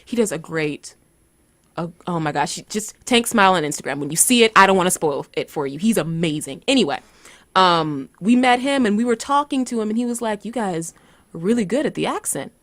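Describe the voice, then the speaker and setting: A woman with a Southern US accent, a guest cosplayer and actress, tells stories in a lively way and acts out the voices of people she quotes. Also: medium pitch, fairly quick, no echo. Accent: Southern US, Georgia. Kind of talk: animated storytelling in an interview.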